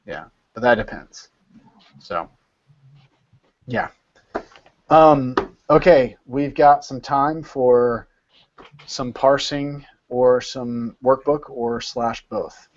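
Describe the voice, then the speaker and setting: A man's voice: medium pitch, very slow, pauses often, lo-fi sound. A man leading an informal study session over a video call, explaining step by step and repeating words as he thinks.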